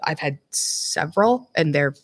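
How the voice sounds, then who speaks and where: A woman co-hosting a casual podcast, chatty and quick to laugh. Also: low voice, lively intonation. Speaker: podcast co-host. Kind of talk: casual chat.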